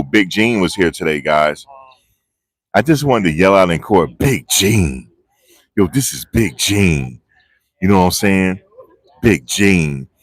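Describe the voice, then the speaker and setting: Rambling man with a low, dry voice. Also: no room sound. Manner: rambling and excitable, loses his train of thought. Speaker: vlogger reporting on a trial. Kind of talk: live casual street commentary. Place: outdoors outside a courthouse. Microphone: phone on a handheld gimbal.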